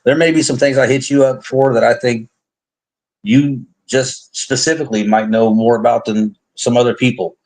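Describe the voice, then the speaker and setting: A man's voice: mid-range voice, steady tone, moderate pace, a little mellow, low-quality recording. A man hosting a live faith testimony stream, talking in an earnest, rambling way with frequent restarts and light jokes. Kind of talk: casual heartfelt live chat. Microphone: online live stream.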